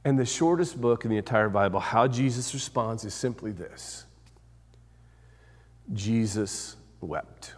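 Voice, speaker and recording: Male pastor, sermon, mid-pitched voice, loud-to-hushed preaching, repeated phrases, long hall reverb. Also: lively intonation, brisk, hardly any pauses.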